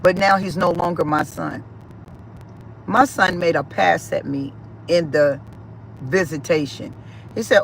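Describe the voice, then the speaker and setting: A woman's voice: lowish voice, measured pace, gravelly, pauses often, a little hiss or hum, low-quality recording. Emphatic woman giving testimony. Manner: emphatic, repetitive, emotional storytelling. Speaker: spiritual speaker. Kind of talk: personal testimony.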